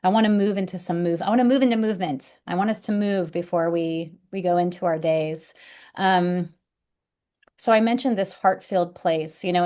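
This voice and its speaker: A woman teaching a reflexology class in a gentle, unhurried and reflective way, with frequent fillers and restarts. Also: lowish voice. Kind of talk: gentle instructional talk.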